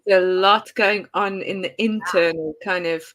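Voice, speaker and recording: A woman hosting a casual chat, relaxed and jokey, mostly giving short replies. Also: on the low side, normal speed. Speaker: host.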